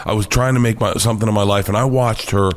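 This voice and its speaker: A man with an American accent, a comedian guest telling animated, profane stories in an interview and acting out quoted voices. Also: fairly low pitch, fast talker. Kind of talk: storytelling interview chat.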